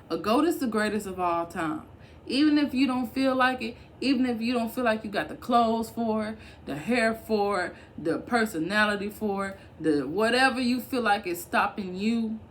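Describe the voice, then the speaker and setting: A woman's voice: on the low side, slight background noise. A young woman vlogger giving casual, encouraging advice straight to the camera, chatty and full of fillers. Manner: conversational, encouraging, colloquial with fillers.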